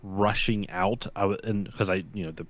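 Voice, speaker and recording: A man's voice: lowish voice, fairly even intonation, moderate pace. A man co-hosting a live-streamed talk show, chatting casually and rambling with many restarts. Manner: rambling, restarts often, goofy impressions. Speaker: podcast co-host. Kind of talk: casual chat.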